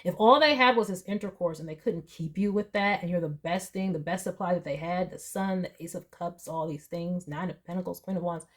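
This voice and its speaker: Low-voiced woman giving a chatty tarot reading. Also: brisk, few pauses. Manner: emotional, earnest, chatty with laughs and asides. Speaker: tarot reader. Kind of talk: casual tarot reading monologue.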